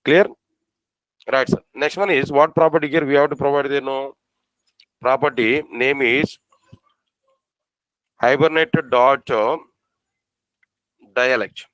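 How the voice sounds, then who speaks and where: A man teaching a programming class, spelling out code slowly and asking the students questions again and again. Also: mid-range voice, steady tone, a bit bright, no room sound, rough recording. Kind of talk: live coding lesson.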